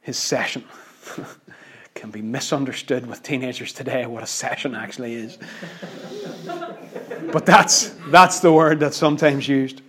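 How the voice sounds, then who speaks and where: This preacher's husky, medium-pitched voice moves at a measured pace with long pauses. His sermon is emphatic and dynamic, yet conversational and lightly humorous, shifting between loud declarations and quiet asides.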